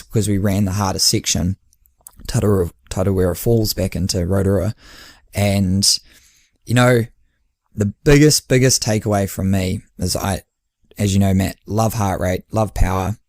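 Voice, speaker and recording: New male podcast host and coach, lowish voice, dry; animated storyteller. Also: dry recording. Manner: chatty storyteller who acts out quoted dialogue with laughs. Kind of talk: casual podcast chat.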